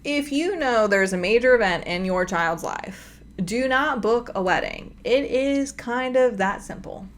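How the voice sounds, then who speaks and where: A commentary host reacts from her home desk into a desk microphone, sounding exasperated and emphatic and making quick asides. Her voice is on the high side and animated.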